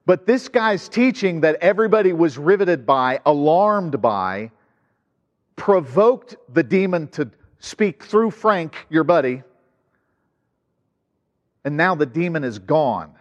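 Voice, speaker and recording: A man's voice: a little high, sing-song, slow, long reverb tail, lo-fi sound. A man preaching a sermon as pastor, conversational, with asides and rhetorical questions to the congregation.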